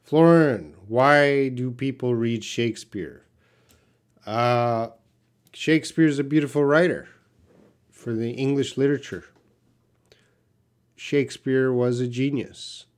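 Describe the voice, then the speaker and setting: A man's voice: mid-range voice, slow pace, pauses often. A Canadian man, an English teacher, answering viewers' questions patiently in a live-stream lesson.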